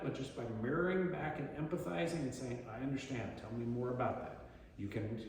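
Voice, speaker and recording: A man giving a community talk on dementia care, animated and acting out quoted voices. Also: fairly high pitch, slight background noise. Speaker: presenter. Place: community meeting room. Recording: echoey hall from far off.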